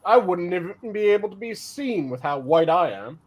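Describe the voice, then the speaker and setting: A man with a high, lively voice that swings widely in pitch cuts into a casual podcast chat. He mostly adds short, wry remarks to the conversation. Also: moderate pace, dull audio. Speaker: podcast co-host.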